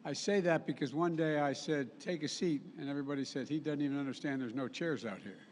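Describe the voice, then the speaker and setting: A man's voice: a little high, fast talker. An older man giving a formal public speech to an audience, rambling and correcting himself, with folksy asides. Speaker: head of state giving a speech. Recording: live speech with long hall reverb.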